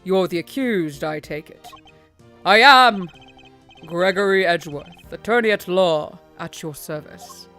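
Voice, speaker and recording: A woman voicing a dignified middle-aged male defense attorney in a deliberately deepened, courteous voice. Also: fairly bright tone, faint music behind.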